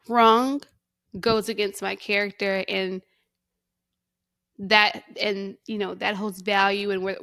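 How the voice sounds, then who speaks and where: A woman hosting a faith podcast, speaking candidly and emotionally about her struggles, close to tears, with restarts and soft laughs. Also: medium pitch, dry recording. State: near tears. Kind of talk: personal reflective monologue.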